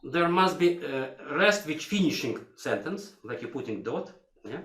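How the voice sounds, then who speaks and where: Animated older man coaching violin. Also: fairly high pitch, unhurried. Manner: animated, sings phrases to demonstrate, broken English. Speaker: violin teacher. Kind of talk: masterclass coaching. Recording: echoey hall. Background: violin playing.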